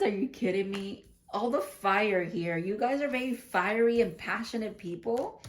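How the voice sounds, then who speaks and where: A woman's voice: medium pitch, moderate pace, a little hiss or hum. A woman giving a casual spiritual tarot card reading, chatty and giggly, thinking aloud and often restarting her sentences. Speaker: tarot reader.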